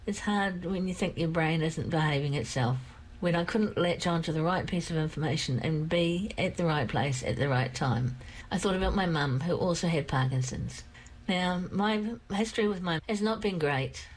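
Older woman with a croaky throat. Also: low-pitched, moderate pace, slight background noise, rough recording. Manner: rambling, candid, repeats herself. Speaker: vlogger. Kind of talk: casual personal storytelling.

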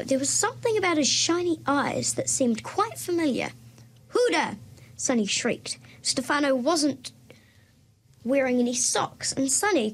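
A woman reading aloud from a children's novel as a guest reader, in a relaxed way with small restarts and self-corrections. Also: high voice.

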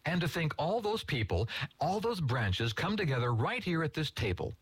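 A man's voice: on the high side, very animated, normal speed, husky, no room sound, voice pushed up. A man voicing a cheerful, affectionate stepfather in a read-aloud story. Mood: jovial.

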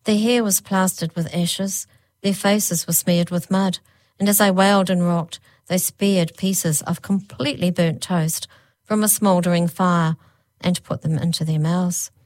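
Storybook narrator, female, lower register, slows for suspense, close dry recording. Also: fairly even intonation, darkish tone, dry recording. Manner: slows right down on spooky phrases. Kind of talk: storybook reading.

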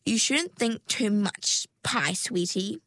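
A woman voicing a greedy, grand female sea-creature diner who talks in a slow, indulgent warble. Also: medium pitch, expressive, a bit bright, dry recording. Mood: coaxing.

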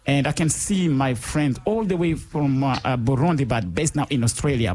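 A man's voice: moderate pace, hardly any pauses. A man hosting a live radio show in a studio, teasing and joking with his co-host and laughing often. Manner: playful, teasing, laughs often, lively jumps in pitch. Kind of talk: casual live radio chat.

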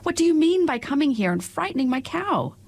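A woman's voice: high-pitched, big pitch swings, a little fast, gravelly, a little mellow, no echo, pitched above the performer's own voice, heavily acted. A woman voicing a small, cross china milkmaid in a storybook reading, scolding and indignant. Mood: angry.

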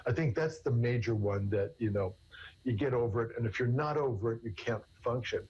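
A man's voice: medium pitch, brisk, a little mellow, breathy edge, dull audio. A man, a therapist, explaining in conversation with everyday examples in an earnest way. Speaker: therapist guest. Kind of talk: conversational interview answers.

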